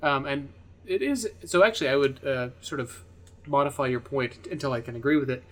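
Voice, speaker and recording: A man co-hosting a casual podcast chat, who runs his own games and argues his points in a measured, dry way. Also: mid-range voice. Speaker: podcast co-host, game master.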